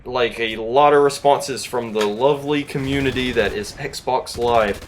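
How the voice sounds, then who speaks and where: A man's voice: medium pitch, measured pace, slight background noise. Easygoing Southern American man. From Southern United States. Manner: rambling, easygoing, self-deprecating. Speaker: YouTuber. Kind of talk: casual storytelling to camera.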